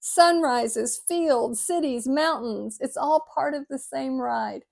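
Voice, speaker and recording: An older retired woman, gently reflecting to her viewers in a heartfelt video talk. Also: high voice, slow pace, creaky. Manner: gentle, heartfelt, sometimes choked up. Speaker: vlogger. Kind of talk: reflective talk reading an inspirational piece.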